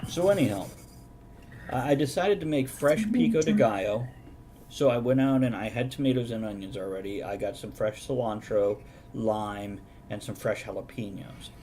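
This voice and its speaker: A man's voice: lowish voice, normal speed, mellow, slight background noise. A man hosting a live-streamed chat show, telling stories with dry sarcasm. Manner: sarcastic, mock-documentary storytelling. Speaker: host.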